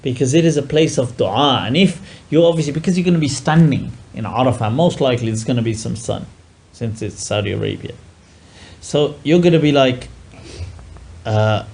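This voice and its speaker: Male teacher, casual and jokey lecturer, middle pitch, acts out asides. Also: normal speed, vocal fry, a little mellow, slightly rough. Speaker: teacher explaining a classical text.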